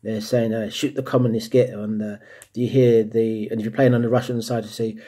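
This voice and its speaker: A man from the United States, living in England, talking casually to the camera, often pausing with ums and restarting his sentences. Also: lowish voice, flat delivery, mellow. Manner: hesitant, many ums and restarts. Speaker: vlogger.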